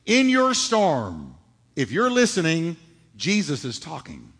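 A man's voice: on the high side, huge pitch swings, slow, a bit bright, slightly rough. A man preaching a sermon, emphatic, asking rhetorical questions and answering them himself. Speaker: pastor. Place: church sanctuary. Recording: reverberant hall.

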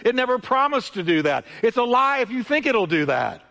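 A man's voice: very high-pitched, big pitch swings, fairly quick, gravelly, bright, forceful tone. Emphatic preaching man in a reverberant hall. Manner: emphatic preaching, repeating phrases with rising and falling intensity. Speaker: pastor. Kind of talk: sermon. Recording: long church hall reverb.

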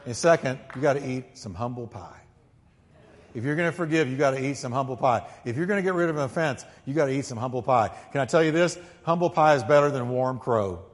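A male pastor preaching a sermon emphatically, swinging from quiet, low asides to loud, ringing peaks and calling on the congregation to repeat after him. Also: lively intonation, fast. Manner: calls on the congregation to repeat lines. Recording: long hall reverb.

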